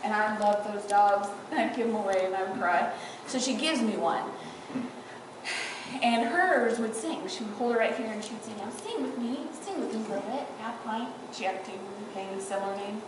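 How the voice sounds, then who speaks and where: An adult granddaughter gives a personal eulogy for her grandmother at a funeral in a large church, telling funny, fond stories. Her medium-pitched voice moves at normal speed, tearful yet humorous, and she laughs often, recorded from far off with echo and background noise.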